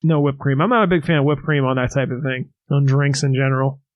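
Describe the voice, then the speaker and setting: A man's voice: mid-range voice, fairly even intonation, fast, no echo, muffled recording. A man hosting a casual sauce-tasting podcast, joking and swearing freely as he chats with friends. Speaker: podcast host. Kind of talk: casual chat.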